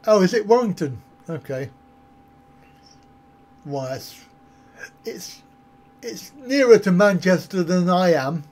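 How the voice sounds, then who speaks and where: A man's voice: high-pitched, animated, slow, pauses often, darkish tone. A man on a casual live stream, answering viewer comments in a rambling, self-mocking way. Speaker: travel vlogger answering live chat.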